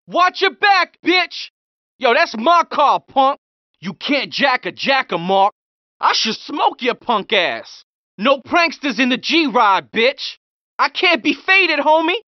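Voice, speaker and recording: A man's voice: extremely high pitch, dry recording, heavily acted. An actor playing a hostile young male street criminal in a video game, trash-talking in slang. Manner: slangy trash talk, threatening. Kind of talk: game pedestrian voice lines. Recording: dull lo-fi game audio.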